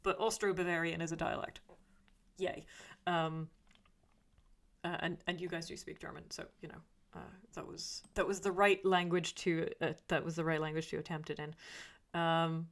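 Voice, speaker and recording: Woman streamer, lowish voice, rambling and chatty, reading chat aloud, full of fillers. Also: flat delivery, moderate pace. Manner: reads viewer comments aloud and answers them. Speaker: YouTuber reading live chat. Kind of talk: casual livestream chat.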